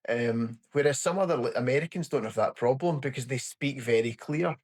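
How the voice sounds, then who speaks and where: A man's voice: mid-range voice, darkish tone. A man with a strong working-class Scottish accent, hosting a casual podcast interview and chatting agreeably. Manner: chatty, agreeable, quick to laugh. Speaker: podcast host.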